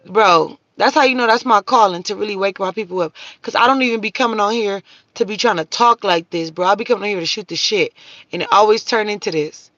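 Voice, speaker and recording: A woman's voice: mid-range voice, a bit bright, no echo, muffled recording. A woman hosting a livestream, talking bluntly and profanely and answering viewers' comments in a preachy, casual rant. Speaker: livestream host.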